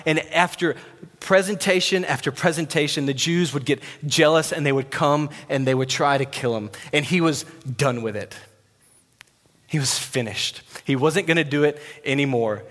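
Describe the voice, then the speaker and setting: A man's voice: a little high, normal speed, a bit bright. A man preaching a sermon, conversational and emphatic as he retells scripture. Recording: long reverb of a large hall.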